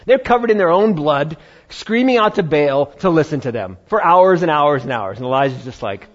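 A man preaching a sermon, retelling a Bible story with lively acted-out voices. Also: a little high, normal speed, muffled recording. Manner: animated storytelling, acting out biblical voices. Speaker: pastor.

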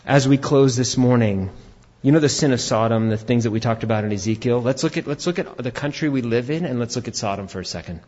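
A pastor preaching an animated sermon, rising to shouts for emphasis. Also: male voice, mid-range voice, fast, muffled recording.

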